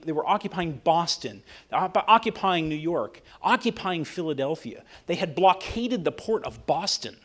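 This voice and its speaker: A man, an attorney and author, giving an animated public talk to a dinner audience and often asking "right?". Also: a little high.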